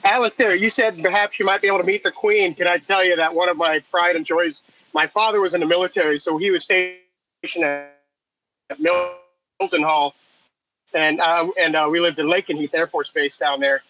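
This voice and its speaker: A man's voice: high-pitched, steady tone, normal speed, pushed and bright, low-quality recording. A man chatting casually on a podcast, telling rambling, enthusiastic stories. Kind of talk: casual chat.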